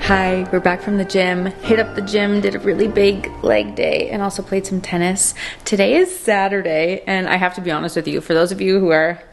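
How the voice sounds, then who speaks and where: A woman's voice: medium pitch, fairly even intonation, a little fast, gravelly, soft background music. A young woman, vlogging in a bubbly, chatty way with playful asides. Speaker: lifestyle vlogger. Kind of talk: casual vlog chat.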